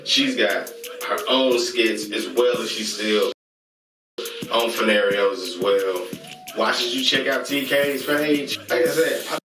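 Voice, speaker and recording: A man hosting a casual vlog, excitedly giving shout-outs and chanting catchphrases. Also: mid-range voice, slow. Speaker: host reviewing online comedy channels. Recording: roomy echo, mic at a distance, music behind.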